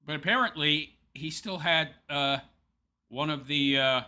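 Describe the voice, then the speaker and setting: A man's voice: on the high side, a little slow, pushed and bright. A man hosting a commentary show, talking sarcastically over a clip and laughing often at his target. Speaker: show host.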